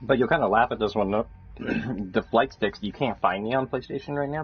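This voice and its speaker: A man's voice: mid-range voice, a little fast. A man chatting casually while he plays a game, rambling loosely and swearing freely. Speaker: gamer streaming a match. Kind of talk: casual chat while gaming. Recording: dull lo-fi recording with faint music.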